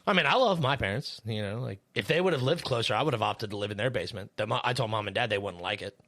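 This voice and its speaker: A man's voice: lowish voice, fast, fairly bright tone. A man co-hosting a podcast, chatting casually in a rambling way, with lots of fillers and swearing. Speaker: podcast co-host; third shift worker.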